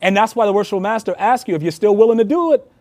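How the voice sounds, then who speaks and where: A man talks in a high, bright register, earnest and heartfelt as he tells stories in a casual sit-down chat. He speaks as a longtime Freemason and past master. The sound is dry, with no room echo. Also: expressive, rapid-fire. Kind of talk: casual conversation.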